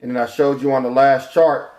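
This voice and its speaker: A man teaching informally from a chart, halting often with repeated fillers and sounding out letters and syllables. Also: medium pitch, level tone, a little mellow, dull audio. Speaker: religious teacher.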